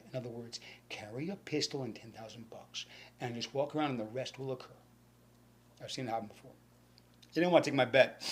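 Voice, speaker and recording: A man from New York with a New York accent, telling a rambling, profane stand-up story and acting out the voices with sudden whispers and shouts. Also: medium pitch, creaky. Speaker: stand-up comedian.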